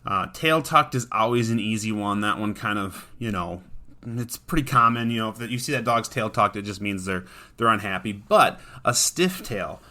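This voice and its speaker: Earnest man with a bright voice. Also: lowish voice, animated, normal speed. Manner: earnest, conversational, frequent restarts and fillers. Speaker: dog trainer and podcast host. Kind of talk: casual podcast monologue.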